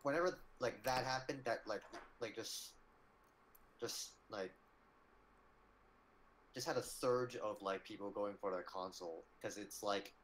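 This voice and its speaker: A man's voice: fairly low pitch, unhurried, long pauses, a bit bright, slight background noise. A young man co-hosting a casual livestream, rambling in loose phrases and filling gaps with "like". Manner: rambling, heavy use of "like", trailing phrases. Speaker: co-host on a livestream.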